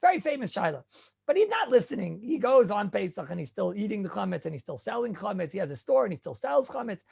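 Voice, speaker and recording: Middle-aged rabbi, high-pitched and gravelly, animated lecturer who fires off rhetorical questions. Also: male voice, fast talker. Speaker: rabbi teaching halacha. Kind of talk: halacha lecture.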